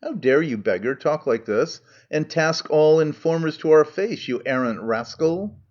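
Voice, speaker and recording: A man's voice: a little high, expressive, unhurried, a little mellow, muffled recording. A man reading as an angry chorus of old men. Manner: declaiming verse.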